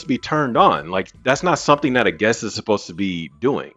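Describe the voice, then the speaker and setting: A man hosting a podcast, telling a story in an animated, casual way and swearing freely. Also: on the low side, a little fast, few pauses. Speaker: podcast host. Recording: muffled with faint music.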